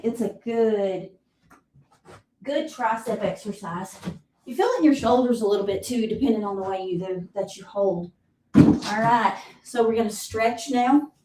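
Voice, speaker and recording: A woman with a Southern US accent leading a live exercise class, counting reps and giving steady cues, heard from a distance in an echoey room. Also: on the high side, slight background noise. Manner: counts reps aloud, encouraging cues, clears throat often. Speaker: fitness instructor. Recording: roomy echo, voice from far off.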